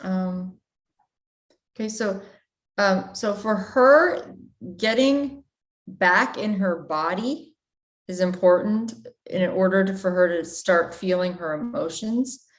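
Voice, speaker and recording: A woman on a casual livestream answering viewer questions, thinking aloud in a relaxed way. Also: mid-range voice, slow pace. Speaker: channeler and teacher answering questions.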